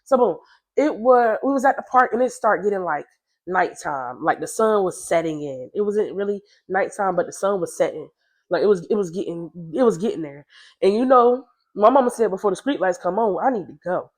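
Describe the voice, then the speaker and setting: A young woman tells a personal story in a casual, slangy, chatty style, speaking briskly and expressively. She often jumps into a higher voice when quoting other people.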